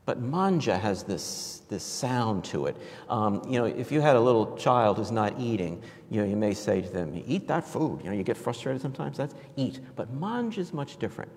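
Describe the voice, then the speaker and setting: A man's voice: fairly low pitch, very animated, normal speed, a little mellow, long reverb tail. A man from New York giving a storytelling homily in a conversational, reflective way, with frequent fillers and restarts. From New York, USA. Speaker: preacher.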